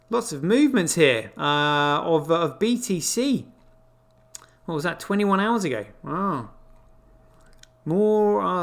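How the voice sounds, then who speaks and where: A man hosting a crypto show, giving casual, incredulous running commentary on what he sees on screen, with frequent exclamations. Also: a little high. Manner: exclaiming, incredulous, swearing asides.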